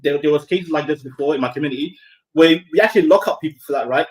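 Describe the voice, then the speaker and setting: A young man from Somalia rattles off a spooky story to his friends at rapid-fire speed, his pitch fairly high, his delivery casual and animated with plenty of cursing, repeats and restarts. The recording is rough.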